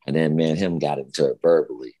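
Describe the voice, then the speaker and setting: A man in his fifties, a guest on a talk show, telling stories in a profane, animated way and often repeating himself. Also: very deep voice, fast talker. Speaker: podcast guest, former pro basketball player. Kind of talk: casual storytelling.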